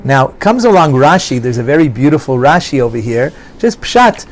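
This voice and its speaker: A man's voice: mid-range voice, sing-song, normal speed. A man teaching a Torah class to students, asking them questions and repeating key phrases as he explains a verse.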